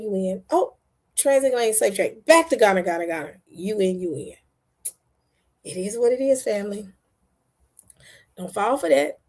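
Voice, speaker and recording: A husky-voiced woman, talking straight to her viewers. She is blunt and impassioned and hammers her points home by repeating them, all in a loose, casual commentary style. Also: medium pitch, a little mellow. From United States. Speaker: online show host.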